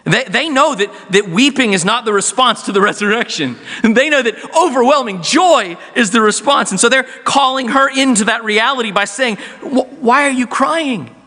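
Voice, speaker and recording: A man's voice: very high-pitched, expressive, moderate pace, hardly any pauses, sharp tone. A man preaching a sermon as pastor, earnest and often restarting words mid-phrase. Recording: echoey hall.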